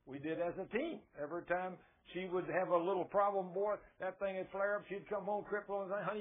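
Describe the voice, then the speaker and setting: Folksy preacher on tinny radio. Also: male voice, high-pitched. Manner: folksy storytelling, rising to fervent exhortation. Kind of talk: sermon. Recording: narrow phone-like radio broadcast.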